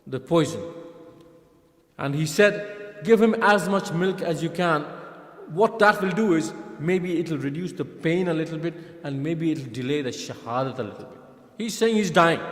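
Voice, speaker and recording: A man preaching a mournful sermon, telling a story earnestly and rising to impassioned pleas. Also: on the high side. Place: large hall at a religious gathering. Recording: reverberant hall sound.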